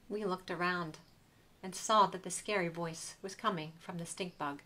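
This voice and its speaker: A woman museum educator reading a picture book aloud to young children in an expressive, sing-song way. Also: on the low side, normal speed.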